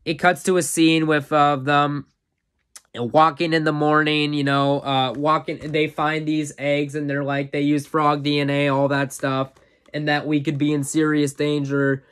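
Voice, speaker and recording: A man's voice: fairly high pitch, flat delivery, measured pace, fairly bright tone, clean tone. A man casually recapping a favorite movie as a reviewer, rambling and full of fillers, an eager fan. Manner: rambling plot recap, full of "uh" and "you know"; enthusiastic fan, chuckles often.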